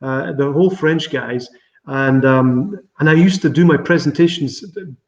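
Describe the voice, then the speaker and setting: Scottish winemaker guest, middle-aged man, higher voice, chatty and quick to laugh. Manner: chatty, laughs often, animated storytelling. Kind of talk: virtual tasting interview. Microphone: video call. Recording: roomy, slightly dull video call audio.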